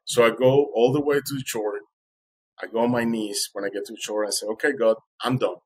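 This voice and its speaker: Husky-voiced male guest, heartfelt storyteller, acts out the quotes. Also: mid-range voice, fairly quick, a little mellow, rough recording. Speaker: interview guest. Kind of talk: emotional first-person storytelling.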